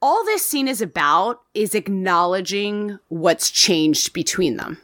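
A woman co-hosting a casual podcast chat about a TV series, animated, laughing often and swearing casually. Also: mid-range voice, slow, no room sound, clean studio sound. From Latina heritage, not a place. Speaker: podcast co-host reviewing a TV series.

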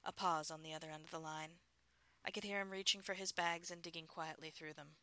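A woman narrating a first-person erotic story in a soft, intimate murmur. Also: sits low, fairly even intonation, a little fast.

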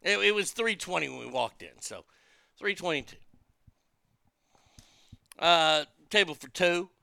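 A man's voice: on the high side, lively intonation, a little slow, creaky, bright, forceful tone, no room sound, clean studio sound. A man telling a story as a profane rant, stammering and repeating his words as he swears.

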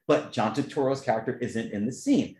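A man chatting casually, telling stories with lively jumps into a higher voice when he quotes reactions. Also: fairly quick. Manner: animated storyteller, voice jumps high for quoted reactions. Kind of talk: casual chat. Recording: echoey room.

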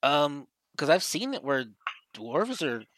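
A man's voice: fairly high pitch, big pitch swings, slow, fairly bright tone, no echo. A man co-hosting a podcast and trading teasing, crude banter. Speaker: podcast co-host. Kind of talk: casual chat.

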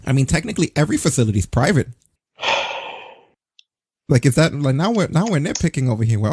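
A man talks through wrestling news in a casual podcast chat, mocking and swearing as he goes. His voice is dark and husky. The sound is dry and close, with no room around it. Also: a little high, quick pace, pauses often, no room sound. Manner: sarcastic, swearing, animated. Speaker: podcast host.

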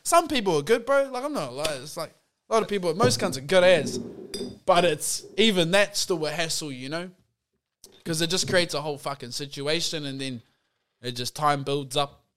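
A man's voice: on the high side, animated, moderate pace, fairly bright tone. A young New Zealand man telling stories in casual chat, laid-back and swearing freely with slangy speech. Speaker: guest.

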